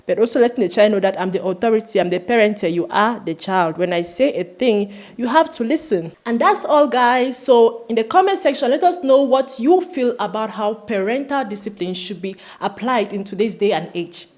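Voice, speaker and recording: A woman vlogger giving earnest, emphatic commentary, slowing down to stress her points. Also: fairly high pitch, animated, darkish tone. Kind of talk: opinion commentary.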